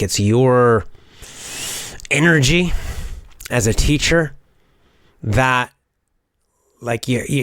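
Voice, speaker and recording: A middle-aged man talks casually and with lively energy, as a seasoned teacher and public speaker would. He often stops, restarts and fills gaps with small sounds. His voice sits at an ordinary pitch for a man and is recorded dry, with no room echo. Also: clear, resonant tone. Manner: animated, with many fillers and restarts. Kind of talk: casual spoken monologue.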